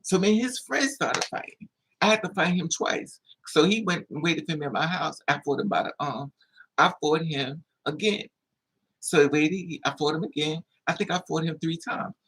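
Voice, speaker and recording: A vlogger telling a story casually to camera in an animated way, acting out the other people's voices with high squeals. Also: normal speed, slightly rough.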